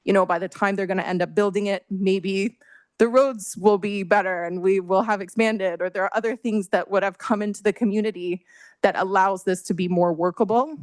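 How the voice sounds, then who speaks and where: A woman's voice: medium pitch, steady tone, brisk, dry recording. A woman making an earnest, emotional public comment at a council meeting, with frequent fillers. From Canada. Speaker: resident delegate at council meeting.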